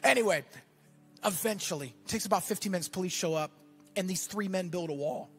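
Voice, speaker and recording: A man preaching a sermon as pastor, telling a story and then building to shouted exhortation in a church. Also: high-pitched, fairly quick, soft background music.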